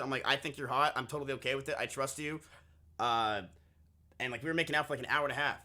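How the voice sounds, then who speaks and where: A man's voice: mid-range voice, animated, quick pace, pushed and bright. A man streaming live, telling a long personal story to his chat in a crude, candid, casual way, often repeating himself.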